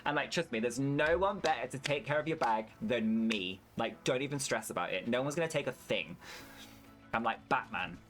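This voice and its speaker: A man's voice: medium pitch, expressive, moderate pace, fairly bright tone, faint music behind. A British man with a British English accent, chatting casually and swearing freely while streaming a farming game and answering his chat. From United Kingdom.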